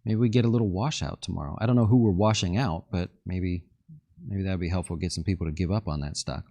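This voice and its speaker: A man's voice: sits low, quick pace, mellow. A man hosting a live market stream, chatting casually and joking while reading viewer questions and thinking aloud over charts. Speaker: fund manager hosting a market livestream.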